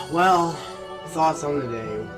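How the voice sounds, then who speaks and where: A man's voice: mid-range voice, unhurried, far from the mic. Weary man, rambling video diary, tired and run down, a bit off-mic, music playing behind. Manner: weary, rambling, talking to himself. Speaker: gas station clerk. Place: gas station during a shift.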